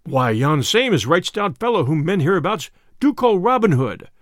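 A man's voice: on the high side, big pitch swings, normal speed, no echo, studio quality. A man doing a wheedling greedy innkeeper. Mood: soothing. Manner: wheedling then stubborn, archaic speech. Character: greedy timid male innkeeper, bald.

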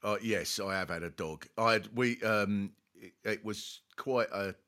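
A man's voice: lowish voice, measured pace, sharp tone. A man hosting a comedy podcast, ranting through wild comic stories.

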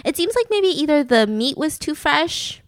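A woman with a fairly high voice tells a true-crime case in a loose, chatty way, leaning on fillers and animated asides. Her voice sounds dry and close, with no room echo. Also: moderate pace. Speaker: podcast host. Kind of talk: casual true-crime storytelling. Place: home room with her fiance.

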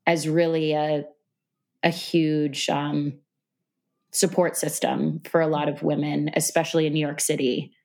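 A woman guest on a podcast, talking in a relaxed, reflective way, with lots of fillers. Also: sits low, a little slow. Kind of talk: casual interview conversation. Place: New York City.

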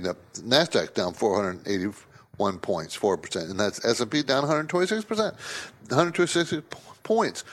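A man hosting a financial talk radio show, giving emphatic, repetitive market commentary. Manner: emphatic, repetitive, lively swings of pitch.

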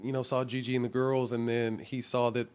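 A middle-aged man talks through a long personal story in a casual interview, his voice held in a narrow, level pitch. He speaks candidly and swears freely, often restarting his phrases. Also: little pitch movement, a little fast, a little mellow, a little hiss or hum. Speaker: guest.

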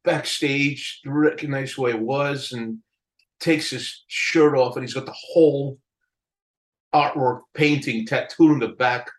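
An older man telling a story in a casual interview, animated, acting out the people he quotes and laughing often. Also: medium pitch, unhurried, rough recording. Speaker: album cover artist telling a story.

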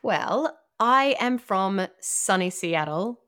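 A woman's voice: mid-range voice, lively intonation, takes it slowly, a bit bright. A woman with an Australian accent, a podcast guest talking in a chatty, easygoing way. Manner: chatty, laughs easily. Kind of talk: casual interview chat.

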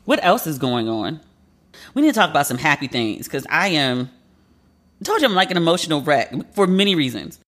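A woman's voice: deep voice, sing-song, a little fast, a bit bright. A woman hosting a podcast, retelling a story in a chatty, emotional way with lots of fillers. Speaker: podcast host. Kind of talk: casual solo podcast storytelling.

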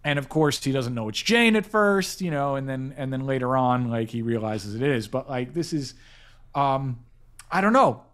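A man hosting a casual panel chat about films, talking quickly and excitedly with many fillers and restarts. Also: medium pitch. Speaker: podcast host, editor-in-chief.

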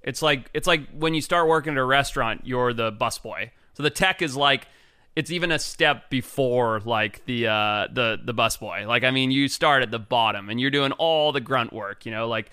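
Guy from africa telling wild stories, swears a lot, crisp and bright. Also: normal speed, dry recording, studio quality. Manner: laid-back, swears, acts out quotes in high voices. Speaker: podcast guest, wildlife biologist. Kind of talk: casual storytelling chat.

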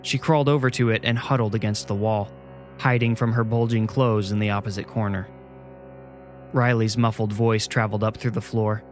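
A man narrating a scripted horror story in a measured, suspenseful way. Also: fairly low pitch, fairly even intonation, soft background music.

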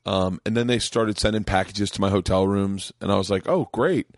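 A man's voice: low-pitched, brisk, no room sound. Man, middle-aged podcast host: loose, swearing storyteller, dry close sound. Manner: profane, animated storyteller. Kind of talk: casual chat.

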